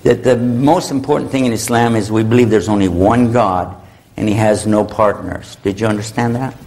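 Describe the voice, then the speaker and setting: A man giving an Islamic lecture to a live audience in a hall, humorous and animated, leading the crowd in call-and-response. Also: lowish voice, moderate pace.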